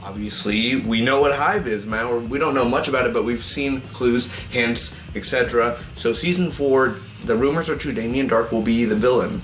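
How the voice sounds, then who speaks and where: Rambling, excitable man reviewing a TV episode. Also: mid-range voice, normal speed, hardly any pauses, reverberant, soft background music. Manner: rambling and excitable, acts out characters' lines. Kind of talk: casual spoken review. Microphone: tablet.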